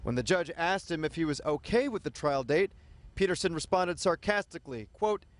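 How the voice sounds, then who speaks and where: Male TV news reporter, fairly high voice. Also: expressive, dry recording. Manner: measured, formal delivery.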